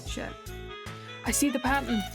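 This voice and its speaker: High-voiced woman reacting while she plays. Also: fairly even intonation, measured pace, over music. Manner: reactive, thinking aloud. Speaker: let's play streamer. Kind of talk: casual gameplay commentary.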